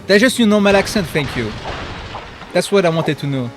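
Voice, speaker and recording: Animated male streamer. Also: high-pitched, brisk. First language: French. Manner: offhand, self-mocking. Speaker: game streamer. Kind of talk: casual live-stream commentary. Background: game music.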